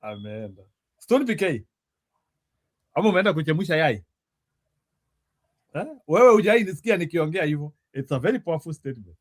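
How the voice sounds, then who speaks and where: A Kenyan-accented man hosts a casual live stream with a teasing, playful manner. His voice is notably high for a man. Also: sing-song. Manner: teasing, playful, quick asides. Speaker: stream host. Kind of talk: casual chat mixing Swahili and English.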